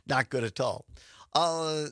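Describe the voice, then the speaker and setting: A man's voice: a little high, a bit bright, no room sound. A man hosting a call-in radio show in a studio, chatting casually, joking and laughing often. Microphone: studio microphone.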